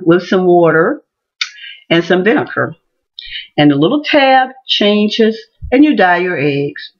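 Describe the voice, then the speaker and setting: A woman telling a personal story in a casual vlog, animated and acting out the other people's voices. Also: mid-range voice, dull audio. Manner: animated, acts out voices in her stories. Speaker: teacher and vlogger.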